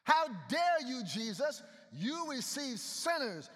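A preacher acting out indignant, scolding critics. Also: male voice, very high-pitched, very animated, slow, fairly bright tone, voice pushed up, heavily acted. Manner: scolding, mocking, emphatic. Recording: echoey hall reverb.

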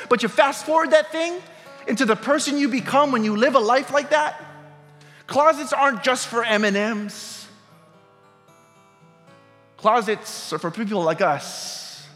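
A middle-aged man with an extremely high-pitched, fairly bright voice preaches as a pastor. Recorded in a reverberant hall with music, his sermon tells a personal story in a conversational style and asks the audience questions.

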